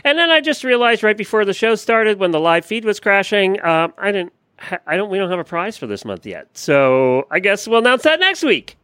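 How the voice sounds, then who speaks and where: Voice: medium pitch, big pitch swings, normal speed, hardly any pauses, a bit bright, dry recording. A podcast co-host chatting casually and laughing often as they read listener-sent ads. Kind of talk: casual chat.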